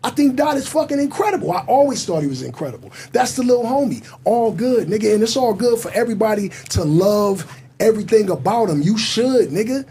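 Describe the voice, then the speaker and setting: Defiant man, high swooping voice. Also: expressive, brisk, dark tone, slight background noise. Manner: defiant, profane, emphatic. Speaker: interview guest. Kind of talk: casual interview talk.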